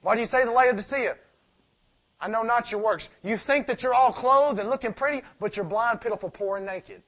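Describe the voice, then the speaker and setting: A high-pitched male preacher delivering a sermon. He leans hard on his main points, then drops to soft, near-mumbled asides, and fires off rhetorical questions only to answer them himself. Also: a little fast. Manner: swings from loud emphatic preaching to quiet asides.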